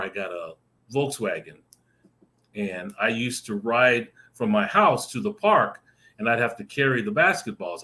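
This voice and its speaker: A man on a video call telling a lively personal story, acting out the voices in it and laughing often. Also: mid-range voice. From Arizona. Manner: animated, acts out voices in his stories, laughs often. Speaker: guest storyteller. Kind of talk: casual anecdote telling.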